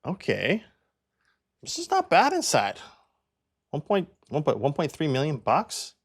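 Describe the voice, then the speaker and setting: A man's voice: on the high side, huge pitch swings, unhurried, breathy edge. A young man from Canada, a real estate agent, chatting casually as he walks through home listings and thinks aloud with plenty of fillers.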